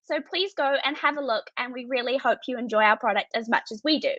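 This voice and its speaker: A teenage girl giving a rehearsed pitch for her student business over a video call, in a clear, recited delivery. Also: quick pace, a bit bright, dry recording. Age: teens. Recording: dull, dry video-call audio.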